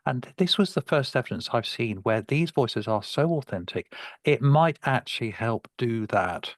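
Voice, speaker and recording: A man speaks earnestly as a speech therapist in an online webinar, often stumbling and restarting his words. His voice sits at a middling pitch. The sound is dry and close. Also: animated, normal speed, dry recording. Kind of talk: webinar discussion. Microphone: video call.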